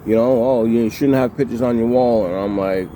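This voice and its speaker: A man's voice: medium pitch, moderate pace, dark tone, slight background noise. Heated, profane man telling a prison story. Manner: heated, profane, repeats himself, acts out quotes. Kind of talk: casual storytelling to camera.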